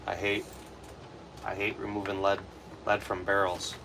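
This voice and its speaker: Young Wisconsin guy, low voice, rambling livestreamer talk, steady background noise. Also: a little slow, vocal fry. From Wisconsin, USA. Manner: relaxed, rambling, answers chat comments. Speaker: livestream host. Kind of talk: casual livestream chat while reloading ammo.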